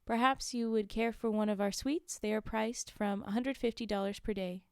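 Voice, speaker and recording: Woman reading a story, clear close voice. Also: on the high side, steady tone, normal speed, darkish tone, no echo. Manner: reads the text plainly and breaks off for chatty, amused asides. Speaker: streamer reading a book aloud. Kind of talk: casual live-stream book reading with asides.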